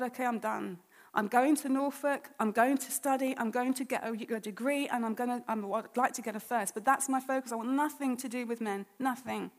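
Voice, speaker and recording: A woman with a high voice tells her own story as a church testimony. She speaks conversationally and slips into re-enacting what she thought and said back then. Her voice rings with a long reverb, as if from a large hall. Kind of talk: personal testimony told as a story.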